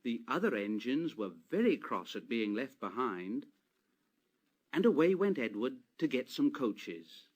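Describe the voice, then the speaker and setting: A man reading a children's railway story aloud as narrator, expressive and gentle. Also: medium pitch. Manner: expressive, slow read-aloud.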